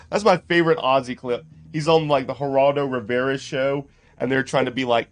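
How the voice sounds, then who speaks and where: During a live stream, a man casually comments on clips, reading out chat names, greeting people by name and laughing often. His medium-pitched voice is steady in tone and fairly quick, and he comes across as chatty.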